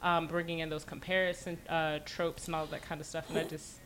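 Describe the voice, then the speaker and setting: A woman's voice: sits low, flat delivery, brisk, a bit bright, slight background noise. A woman co-hosting a podcast over a video call, talking through her thoughts with fillers and self-corrections. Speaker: podcast co-host. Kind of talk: casual chat.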